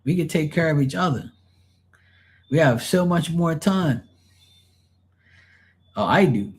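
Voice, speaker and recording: A man's voice: on the high side, slow pace. A man reading tarot on a live stream, telling blunt, profane stories in casual chat and mocking the people he quotes. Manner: animated, mocking quoted voices.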